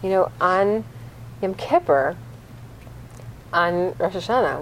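Woman teacher, lowish voice, lively storytelling lesson with questions to the room. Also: slow, pauses often, slight background noise, rough recording. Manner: animated storyteller, asks the class questions. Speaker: religious teacher.

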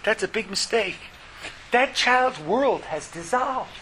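A man teaching a lecture as a religious teacher, in an animated way that acts out quotes in lively voices. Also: high voice, takes it slowly, slight background noise, rough recording.

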